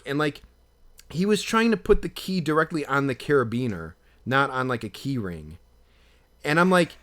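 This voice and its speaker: A man co-hosting a podcast, telling a long story in casual chat and acting out the quotes with rising excitement. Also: fairly high pitch, a little fast. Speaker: podcast co-host.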